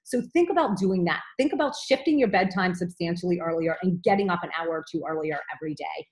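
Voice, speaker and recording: A woman's voice: lowish voice, fast. A woman in her thirties giving a motivational training talk to her team, upbeat and direct, often checking in with "okay?".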